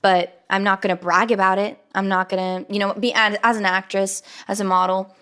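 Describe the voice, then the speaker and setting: A woman's voice: medium pitch, flat delivery, fairly quick, a bit bright, clear, resonant tone. A young woman hosting her own podcast, talking alone in a chatty, earnest way with many fillers and quoted asides. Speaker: podcast host. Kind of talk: casual solo podcast monologue.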